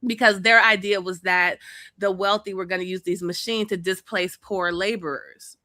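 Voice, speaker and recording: A woman's voice: mid-range voice, fairly even intonation, moderate pace, bright, forceful tone, no room sound, studio quality. A woman co-hosting a podcast, explaining history in a casual, chatty way with fillers and the odd swear. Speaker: podcast co-host.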